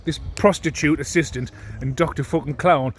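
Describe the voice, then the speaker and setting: A man's voice: a little high, normal speed, a little hiss or hum. A man, ranting into his phone with heavy swearing and indignant repetition. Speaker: vlogger. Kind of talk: ranting monologue to camera.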